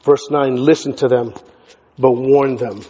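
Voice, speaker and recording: A male pastor preaching a sermon, emphatic, hammering words through repetition and building to near shouts. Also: mid-range voice, steady tone, measured pace, husky. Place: church sanctuary. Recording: church hall with long reverb.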